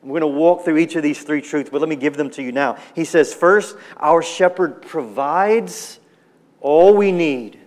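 A man preaching a sermon, earnest and emphatic, slowing down and dropping his voice on key words. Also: a little high, big-room sound. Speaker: pastor.

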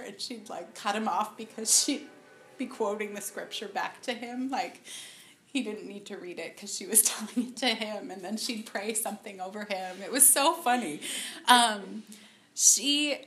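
A woman giving a personal faith testimony to a group, halting and softly emotional, with many pauses and fillers. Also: medium pitch, slight background noise. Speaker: speaker at a women's ministry talk.

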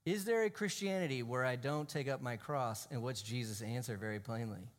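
This sermon comes from a male pastor in a church who speaks in a brisk, mid-range voice. His delivery is emphatic: he draws out important phrases, and at times his voice falls to a near whisper to drive a point home.

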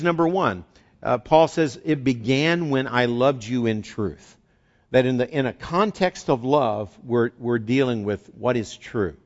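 A man preaching a sermon as a pastor in an earnest, conversational way, often restarting and repeating words. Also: mid-range voice. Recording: dull lo-fi recording.

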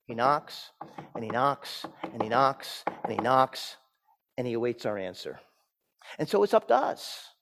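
A man pastor giving a sermon, swinging from loud emphatic peaks down to soft hushed lines. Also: medium pitch, very animated, a little slow. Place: church sanctuary. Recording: church sanctuary with long reverb.

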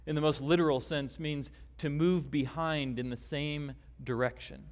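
A man preaching a sermon as pastor, deliberate and emphatic, with long pauses. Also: fairly high pitch, steady tone. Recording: long hall reverb.

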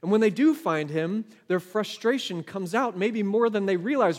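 A male pastor delivers a sermon with a high voice that rings through a long hall reverb. He speaks earnestly and keeps asking the congregation questions. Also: expressive, moderate pace, darkish tone. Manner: earnest, asks the listeners questions.

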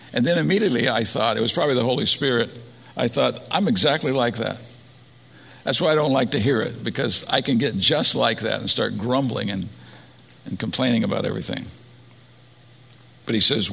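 Gravelly male pastor preaching in a hall. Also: medium pitch, fairly bright tone. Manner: earnest preaching, rising to emphasis. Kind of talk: sermon. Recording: long hall reverb.

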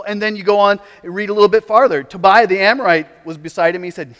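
High-voiced male preacher in reverberant hall. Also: quick pace. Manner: animated, switches to mocking voices when quoting opponents. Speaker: pastor. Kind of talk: sermon.

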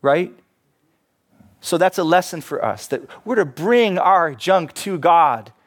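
A man preaching a sermon as pastor, animated, acting out quoted voices and laughing at himself. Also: on the high side, slow.

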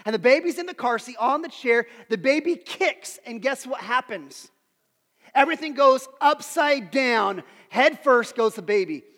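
A man's voice: very high voice, expressive, moderate pace, fairly bright tone, long reverb tail. A man in his thirties preaching a sermon, telling self-deprecating stories and putting questions to his audience. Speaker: pastor.

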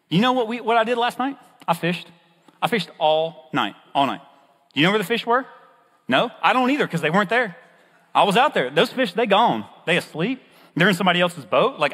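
A preacher acting out a reluctant, excuse-making fisherman, his husky voice jumping high in comic disbelief. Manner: incredulous, pitch jumping high, comic pleading. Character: fisherman Simon, animated young man, reluctant and excuse-making. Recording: husky voice in a reverberant hall.

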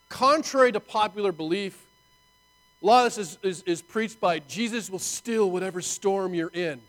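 A man preaching a sermon in an animated, conversational way, full of rhetorical asides to his listeners. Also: sits high, rough recording. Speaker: pastor.

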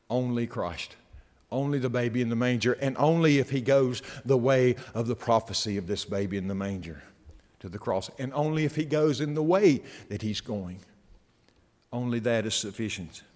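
A man preaching a sermon, reading scripture aloud and building to loud, emphatic stretches. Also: on the low side. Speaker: pastor. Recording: long hall reverb.

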